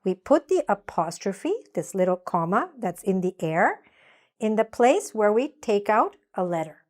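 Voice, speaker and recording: A woman teaching English grammar in a patient way, saying example sentences slowly so learners can repeat them. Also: medium pitch, big pitch swings, darkish tone. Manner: slow, patient, spells out examples slowly for repetition. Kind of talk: grammar lesson with repeat-after-me drills.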